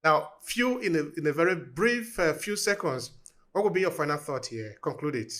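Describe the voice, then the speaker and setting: A male podcast host asking measured, polite questions and closing the show. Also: fairly high pitch, animated, fairly bright tone. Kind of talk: interview questions and show outro.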